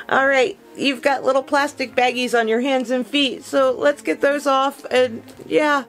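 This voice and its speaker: A woman's voice: high-pitched, a little slow, few pauses, soft background music, poor audio. Gushing woman unboxing a collectible. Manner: gushing, emotional, talks to viewers as guys. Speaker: collectibles reviewer. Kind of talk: excited unboxing vlog.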